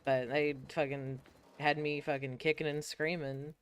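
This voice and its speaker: A man's voice: on the high side, flat delivery, a little slow, a bit bright, a little hiss or hum. A young man from the United States chatting casually on a stream, rambling through stories and swearing a lot. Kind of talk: casual chat.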